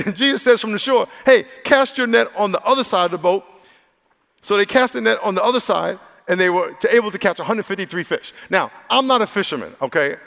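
A man's voice: sits high, gravelly, a bit bright. A male pastor preaching a conversational, humorous sermon to a live congregation, often acting out the voices of the people in his story. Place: large church hall. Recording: long echo of a big hall.

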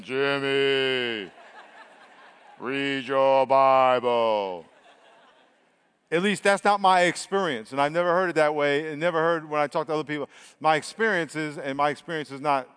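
Preacher, male, fairly high voice, energetic and swinging from loud to hushed, church hall reverb. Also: a little fast, clean tone. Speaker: pastor. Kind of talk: sermon.

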